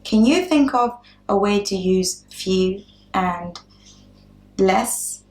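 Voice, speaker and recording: Slow, patient woman teaching English. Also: mid-range voice, darkish tone, echoey room. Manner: patient, spells out examples and repeats words. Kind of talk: slow, clear English lesson.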